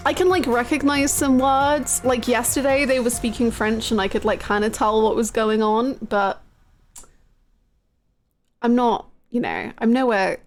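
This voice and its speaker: A young woman with an Australian accent chats casually with her live-stream audience. She is bubbly and giggly, with a slightly high voice. Faint music plays behind her. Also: fairly even intonation, unhurried. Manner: bubbly, chatty, laughs and gasps often. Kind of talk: casual live-stream chat, greeting viewers.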